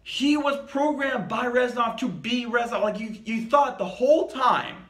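A man's voice: extremely high pitch, measured pace, echoey room, very noisy. A man giving a casual, rambling, profane video review of a game as host of his channel.

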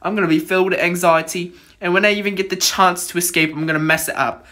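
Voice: mid-range voice, fairly even intonation, fast talker, pushed and bright. A gamer giving let's-play commentary on a horror game, jittery and exclaiming in fright, dropping to whispers at tense moments.

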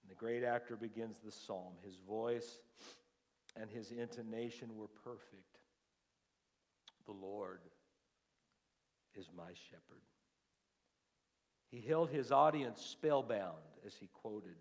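A man preaching a sermon as lead pastor, telling a story slowly, his phrases trailing off softly before rising to fervent emphasis. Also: on the low side. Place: church sanctuary. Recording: long church-hall reverb.

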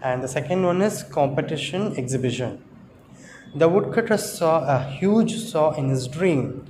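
A man teaching an English lesson with an Indian accent, explaining slowly and carefully and repeating words to sound out their syllables. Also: on the high side, a little mellow, slight background noise, rough recording. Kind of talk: classroom lesson.

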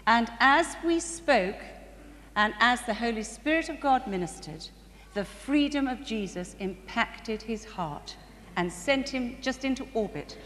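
Speaking in a slightly high voice, a woman at a church conference tells church stories as a sermon-style testimony. Lively and laughing often, she swells into bursts of excitement, and the distant hall recording carries reverb and faint ambient noise.

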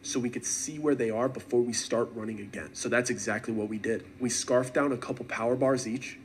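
A man recounts a tense personal adventure at an even, steady clip, building suspense as he goes. His voice sits at a middle pitch, and a faint background hiss runs under him throughout. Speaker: storyteller. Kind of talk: first-person story narration.

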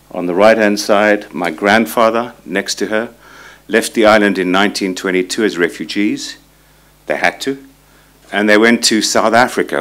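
A man's voice: on the low side, fairly bright tone. Reflective man giving a conference talk. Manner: reflective, personal storytelling with quoted readings. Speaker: conference speaker. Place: conference hall.

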